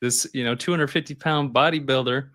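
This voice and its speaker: A skydiving instructor, a man with a mid-range voice, tells stories as a podcast guest at a brisk pace. He is casual and animated, laughs often, and acts out voices in his anecdotes, all captured in clean studio sound with no echo.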